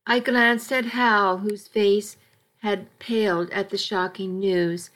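Woman narrator for a first-person audiobook, unhurried and even, mid-range voice. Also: mid-range voice. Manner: measured, even storytelling delivery.

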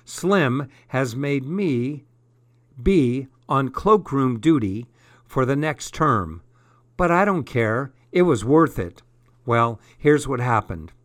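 A man reading a comic first-person diary as an audiobook, with a deadpan delivery. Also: medium pitch, takes it slowly, dry recording, studio quality. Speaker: audiobook reader.

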